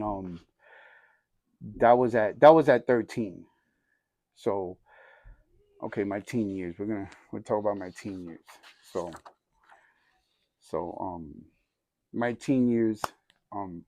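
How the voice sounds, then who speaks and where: In a low, darkish voice on a dry recording, a man from a church group recounts his testimony. He uses laid-back street slang, performs the conversations himself, keeps restarting, and repeatedly says "you know what I mean."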